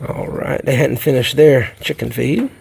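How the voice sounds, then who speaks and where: This man's voice is medium-pitched, gravelly and a little mellow, slightly rough, at a normal pace. He's a South Carolina worm farmer with a Southern accent, casually vlogging in a rambling, folksy manner as he works his worm bins in a shed.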